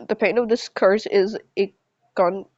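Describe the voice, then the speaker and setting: A woman voicing a gentle, serene dying male clan leader in a calm, measured read. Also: mid-range voice, no room sound, lightly acted. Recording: slightly dull lo-fi recording.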